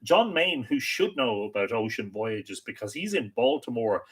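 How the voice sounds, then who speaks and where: An Irish man hosting a live mythology stream, chatting casually and greeting viewers by reading out their comments, often pausing and repeating words. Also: medium pitch, very animated, husky. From Ireland. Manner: chatty and friendly, with many hesitant repeats. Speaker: host of a live mythology show.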